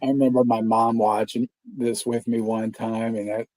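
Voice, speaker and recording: A man's voice: mid-range voice, level tone, moderate pace, a little mellow, no room sound, low-quality recording. A man in casual chat at a watch party, rambling and swearing, laughing often.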